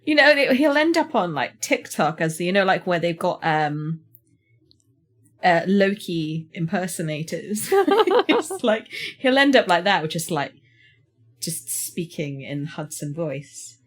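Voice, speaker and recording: English woman co-host, lower voice, self-mocking and quick to laugh in loose chat. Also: very animated. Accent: British English. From Somerset, England. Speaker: podcast co-host. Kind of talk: casual chat.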